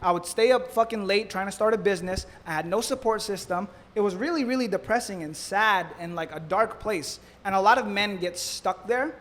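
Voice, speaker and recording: A young man with a high, quick voice rattles through casual podcast talk, swearing often. He sounds like he's in a room with a long echo. There is a faint noise behind him. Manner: fast, profane, animated storytelling. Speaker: podcast host. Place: Florida.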